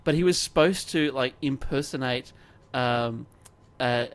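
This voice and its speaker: A man's voice: medium pitch, a little slow. A man co-hosting a casual chat, rambling with many restarts and laughs. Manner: rambling, self-interrupting, laughs often. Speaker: podcast co-host.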